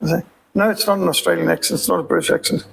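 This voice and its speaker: A man's voice: high-pitched, steady tone, rapid-fire, gravelly, a bit bright, a little hiss or hum, low-quality recording. A man with a Rhodesian accent giving an emphatic, preacherly sermon-style appeal as a missionary speaker. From Zimbabwe.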